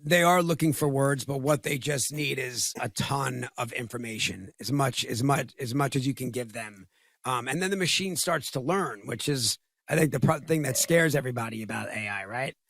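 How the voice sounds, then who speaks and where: Middle-aged male guest, halting delivery with lots of repeated words, dry close sound. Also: medium pitch, fairly bright tone, dry recording. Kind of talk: casual podcast conversation.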